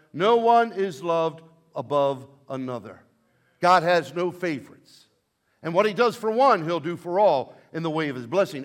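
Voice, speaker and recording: This pastor's voice sits a little high as he gives his sermon. Loud, emphatic lines give way to quiet asides, and he draws the congregation into call and response.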